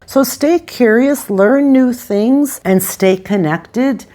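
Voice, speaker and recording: A woman's voice: mid-range voice, moderate pace, hardly any pauses, a little mellow. A woman in her sixties talking straight to her viewers in a casual vlog, passionate, rambling and effusive. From Italian heritage. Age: 60s. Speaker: lifestyle vlogger. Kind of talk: casual talk to camera.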